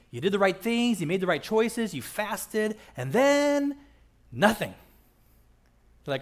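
A man's voice: high voice, very animated, moderate pace. A man preaching a conversational sermon as pastor, joking and often checking in with the crowd by asking "right?". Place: church auditorium.

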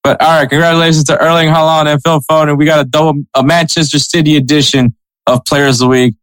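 A man's voice: fairly high pitch, level tone, fast talker, fairly bright tone, clear, resonant tone, no echo, poor audio. Man, soccer podcast co-host, casual chat, laughs a lot, dry close sound. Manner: laughs often, reads sponsor spots.

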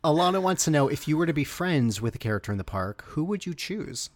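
A podcast host with a very low voice for a woman, and her pitch swoops widely as she talks. She reads listener questions and reassures her guest. The sound is dry and close. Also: sing-song, fast, darkish tone, no room sound. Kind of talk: casual podcast chat.

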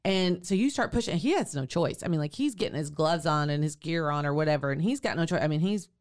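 A woman hosting a podcast as a birth doula, chatting in a lively, laughing way as she recalls a client's births. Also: low voice, fast talker. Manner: animated, laughing storyteller. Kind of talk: casual podcast chat.

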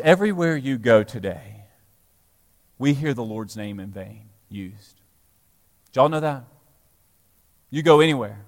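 A middle-aged man preaching a sermon as pastor, animated, rising to loud emphasis then dropping low. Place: church sanctuary. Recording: long hall reverb in church.

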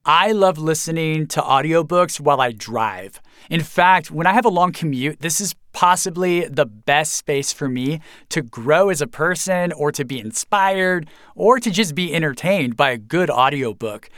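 A pastor and author giving earnest, reflective interview answers and chuckling at himself now and then. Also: male voice, a little high, expressive, normal speed, few pauses, fairly bright tone, dry recording, studio quality.

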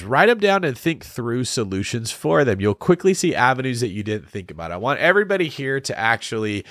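A man hosting a podcast, energetic and playful, with a hype-filled delivery. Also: mid-range voice, fairly quick, few pauses, dry recording, studio quality. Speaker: podcast host. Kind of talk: lively podcast chat.

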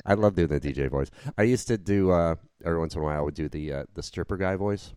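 Laid-back low-voiced man rambling. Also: darkish tone, clear, resonant tone, no echo, studio quality. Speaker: podcast co-host. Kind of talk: casual chat.

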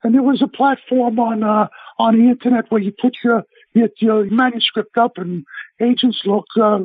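A middle-aged man, a chef telling blunt, animated stories in a phone interview. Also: extremely high pitch, normal speed, husky, no echo. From United States. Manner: brash, blunt, animated storyteller. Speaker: celebrity chef, interview guest. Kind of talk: casual phone interview storytelling. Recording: tinny phone line.

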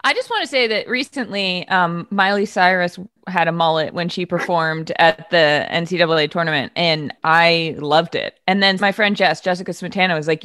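Chatty low-voiced woman guest. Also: moderate pace, hardly any pauses, fairly bright tone, smooth, no room sound, studio quality. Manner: chatty, storytelling. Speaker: guest, sports media host. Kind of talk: casual podcast chat.

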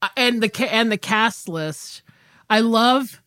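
A woman's voice: fairly high pitch, slow pace, fairly bright tone, smooth, no echo, studio quality. A woman co-hosting a podcast about films, chatting casually with enthusiastic reactions and the odd swear. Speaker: podcast co-host. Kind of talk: casual film discussion.

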